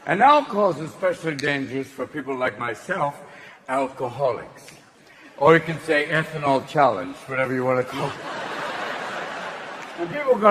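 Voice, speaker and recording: A male stand-up comedian doing a profane, manic set with rapid shifts in voice. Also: mid-range voice, very animated, fairly bright tone, rough recording. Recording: live show with crowd and noise. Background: audience laughter.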